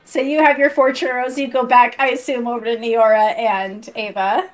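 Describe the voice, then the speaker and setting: A woman's voice: fairly high pitch, little pitch movement, moderate pace. A woman narrating a tabletop role-playing game as game master, laughing often as she plays the characters.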